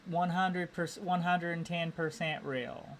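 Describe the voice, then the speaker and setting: A woman's voice: fairly low pitch, fairly even intonation, measured pace, slight background noise. A woman streamer with an Appalachian accent chatting casually while gaming, rambling, repeating words and restarting her sentences.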